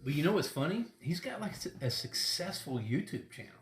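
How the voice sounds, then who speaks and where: A man's voice: a little high, big pitch swings, fairly quick. A middle-aged man hosting a casual chat during a tequila tasting, rambling and laughing often. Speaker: podcast host. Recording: echoey room.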